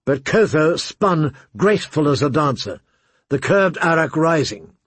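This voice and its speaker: A man narrating an audiobook in a measured, unhurried reading voice with a gravelly, husky quality. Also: a little high, sing-song, a bit bright, dry recording.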